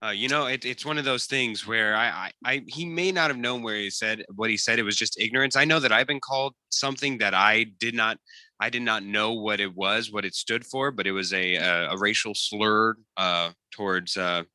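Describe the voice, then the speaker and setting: A man co-hosting a sports radio talk show, speaking casually and haltingly with many restarts. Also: fairly low pitch, sharp tone, no room sound. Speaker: radio co-host.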